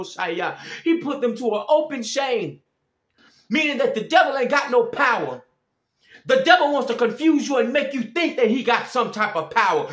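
High-pitched man preaching, echoey room. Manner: pleading, rising to shouts, speaks in tongues. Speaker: Christian preacher. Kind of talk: impassioned preaching.

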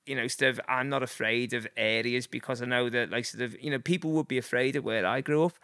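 A man's voice: mid-range voice, fairly even intonation, fast, pushed and bright, no room sound, clean studio sound. A man in his forties with a Liverpool accent, telling stories in a rambling, casual way with lots of fillers. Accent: Liverpool (Scouse). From Liverpool, England. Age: 40s. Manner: rambling, many fillers, acts out voices. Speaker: guest. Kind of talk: casual storytelling.

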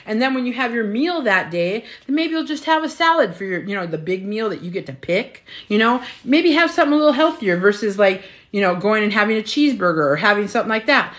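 A woman's voice: fairly high pitch, animated, fairly quick, hardly any pauses, fairly bright tone. A middle-aged woman coaching live on a stream, emphatic and chatty, repeating her points and swearing freely. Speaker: health and weight-loss coach. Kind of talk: motivational live stream talk.

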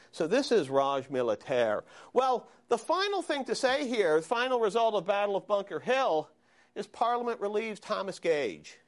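A man lecturing a university history class, animated and questioning his students. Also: a little high. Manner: animated, asks students questions, frequent "okay?". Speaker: history professor.

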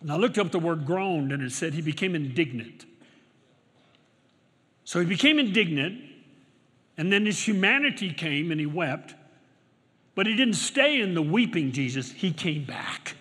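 A middle-aged male pastor preaching a sermon, swinging from loud exclamations to quiet storytelling, recorded in a large church auditorium. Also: fairly high pitch, animated, moderate pace, pauses often, husky. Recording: long hall reverb.

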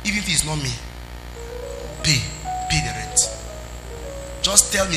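A man preaching a sermon as pastor, emphatic, with sing-song rises and sudden soft drops. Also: fairly high pitch, expressive, measured pace. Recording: echoey hall with music underneath.

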